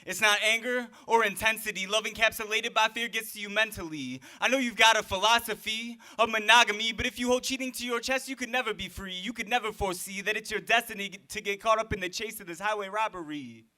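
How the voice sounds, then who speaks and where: A man with a high, very bright and tense voice performs spoken word poetry at a live open mic. His delivery is rhythmic and rhyming, and it slides into a sing-song cadence at times. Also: fast, hardly any pauses.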